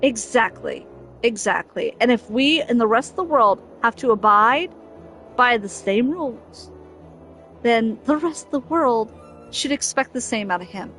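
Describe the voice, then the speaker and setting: A woman's voice: fairly high pitch, lively intonation, unhurried, fairly bright tone, soft background music. A woman streaming a game, talking casually and venting in an exasperated, emphatic way that keeps circling back to the same point. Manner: exasperated, emphatic, repeats herself. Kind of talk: casual venting chat over gameplay.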